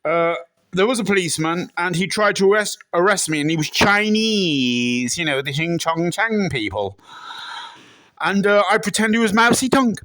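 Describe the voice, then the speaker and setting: High bright-voiced man, comic interviewee. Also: animated, normal speed, dry recording, rough recording. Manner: bursts into loud shrieking impressions. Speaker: interviewee in a comedy sketch.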